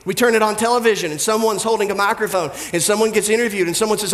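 A pastor giving a conversational sermon, telling humorous stories and mimicking people's voices. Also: male voice, sits high, rapid-fire, fairly bright tone, echoey room.

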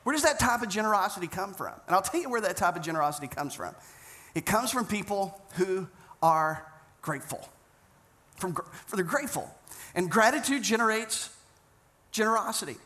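A man's voice: high-pitched, expressive, brisk, sharp tone. A man pastor preaching a sermon, earnest and conversational, telling stories with frequent restarts.

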